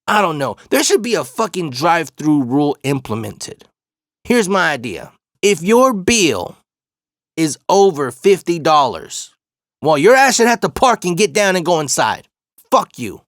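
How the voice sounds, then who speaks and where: A man's voice: fairly high pitch, big pitch swings, a little slow, a bit bright, no echo, clean studio sound. A man in his forties hosting a podcast, telling stories in a laid-back, rambling way full of profanity. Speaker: podcast host. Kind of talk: casual storytelling monologue.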